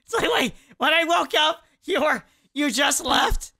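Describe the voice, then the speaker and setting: A jumpy male animatronic fox, voiced by a woman, talks in a high, bright, lively voice. He stammers and bluffs his way through casual online role-play over a faint music bed. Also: unhurried, vocal fry, full character voice. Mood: flustered. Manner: stammering, flustered, nervously bluffing.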